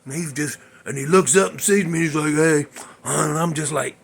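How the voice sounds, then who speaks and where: A man's voice: a little high, a little fast, gravelly, husky. A man hosting his own show, telling a dream story in a rambling, folksy, exasperated way. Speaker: host. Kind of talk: comedic storytelling monologue.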